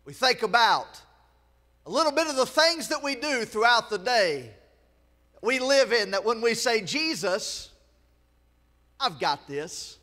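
A man with a Southern US accent preaching a sermon in a church, swelling into shouts and breaking off for joking asides to the congregation. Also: very high-pitched, lively intonation, moderate pace, in a large hall. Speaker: pastor. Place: church sanctuary.

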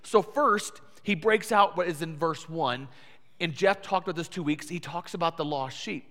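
A fairly high-voiced man preaches in a church with a long, ringing echo trailing each phrase. He tells stories with animated energy, jumping in pitch to act out the listeners' reactions. His delivery is conversational and expressive. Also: moderate pace. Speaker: pastor. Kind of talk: sermon. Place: church sanctuary. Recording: reverberant church hall.

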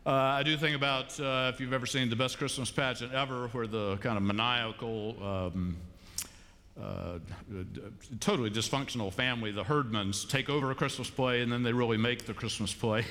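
A middle-aged male pastor preaches in a conversational, storytelling way. His pitch sits in a plain middle range, and he drops to hushed tones before rising into animated bursts. The sanctuary adds a long, echoing reverb to every word. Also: moderate pace. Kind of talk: sermon. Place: large church sanctuary. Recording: long church-hall reverb.

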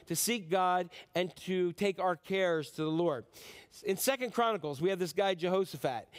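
A pastor giving a conversational sermon, asking the congregation questions and acting out pleading prayers. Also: male voice. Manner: acts out frantic prayers in a higher, pleading voice.

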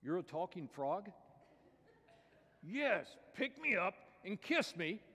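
A man voicing a pushy talking female frog in a high, squeaky, insistent voice. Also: big pitch swings, slow pace, pushed and bright, husky, full character voice. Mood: coaxing. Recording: reverberant church hall.

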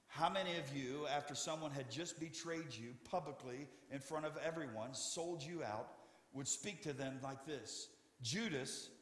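A man preaching a sermon as pastor, reading scripture dramatically and dropping to hushed tones for emphasis. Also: mid-range voice. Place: church sanctuary. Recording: echoey church hall with long reverb.

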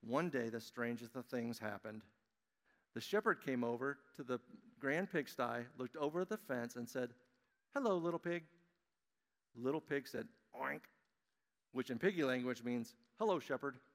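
A man leads a children's message, telling a picture-book story in a lively, friendly way. His voice sits in an ordinary middle pitch and rings out through the long reverb of a church sanctuary. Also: normal speed. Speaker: pastor giving children's message. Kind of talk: children's sermon and storybook reading.

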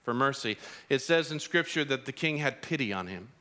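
A man preaching a sermon as pastor, telling a parable in an animated, storytelling way in a church. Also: medium pitch, fairly quick. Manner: animated storytelling, acts out characters.

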